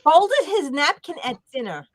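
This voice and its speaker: A woman's voice: high-pitched, big pitch swings, unhurried. A woman hosting a casual online panel, chatty and giggly. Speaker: host. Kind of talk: casual livestream chat.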